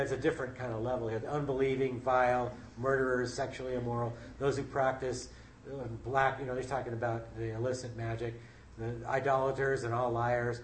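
A man's voice: medium pitch, a little hiss or hum. Folksy man preaching in a roomy hall. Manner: conversational, folksy, reads scripture aloud. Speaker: Bible study leader. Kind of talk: informal sermon. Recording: roomy with faint ambience.

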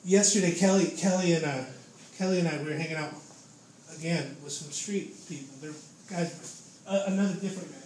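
A young man preaches in a loose, fervent testimony style, calling his listeners "man" and "dude" again and again. His voice sits high for a man. It rings around a very echoey room with a faint hiss of noise underneath. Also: brisk, a little mellow. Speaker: lay preacher giving testimony.

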